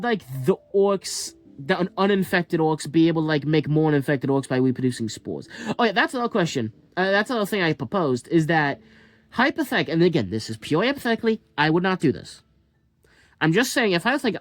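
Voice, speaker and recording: A man musing aloud in a casual, speculative monologue, rambling with lots of fillers and restarts. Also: high voice. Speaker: commentator.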